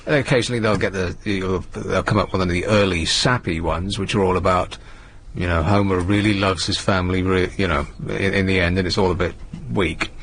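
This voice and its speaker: A man's voice: sits low, fairly quick, few pauses, a little hiss or hum. A man from England hosting a radio show, telling rambling, jokey stories in casual chat. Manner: rambling, jokey, animated storytelling. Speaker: radio host.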